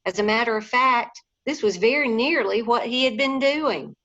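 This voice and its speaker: A woman reading a storybook aloud, gently, sometimes talking to the listeners directly. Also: a little high, expressive, normal speed. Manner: gentle, addresses listeners as guys. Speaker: reader. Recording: dull lo-fi recording.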